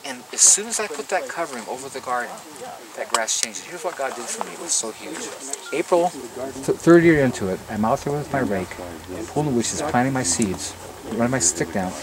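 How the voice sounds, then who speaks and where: A lively man with an expressive, swinging voice tells garden stories to a group outdoors. He is recorded from a few steps away, and a crowd murmurs behind him. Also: medium pitch, fairly quick, recorded from a distance. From Los Angeles area, US. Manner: animated storytelling, repeats words when starting sentences. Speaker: gardener giving a tour. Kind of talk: casual outdoor talk to a tour group.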